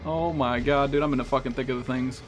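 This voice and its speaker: A man streaming a horror game, panicking, yelling and swearing heavily as he plays. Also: medium pitch, fairly even intonation, fast. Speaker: gamer streamer. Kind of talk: horror game live commentary. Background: game music and sound effects.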